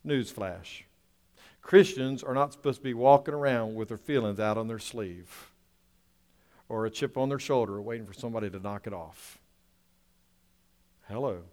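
A male pastor with a medium-pitched voice preaches a sermon, swinging between loud, drawn-out lines and quiet asides while asking the congregation rhetorical questions. A long reverb tail trails his words.

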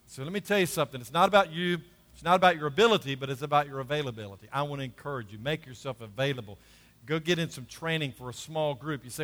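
A man's voice: a little high, fast talker, fairly bright tone, in a large hall. A man preaching a sermon as pastor, emphatic and repeating key phrases, calling for responses from the congregation.

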